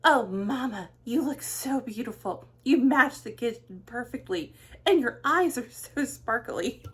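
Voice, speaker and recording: A woman's voice: on the high side, expressive, measured pace, slightly rough, pitched above the performer's own voice. A woman voicing her effusive young adult daughter, who sounds sweet and gushing. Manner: effusive, squealing with delight.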